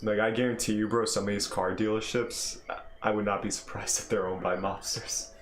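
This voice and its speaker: A man's voice: fairly low pitch, fairly even intonation, fairly quick. A young man chatting casually on a gaming stream, rambling and repeating himself. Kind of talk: casual chat. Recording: echoey room with faint hum.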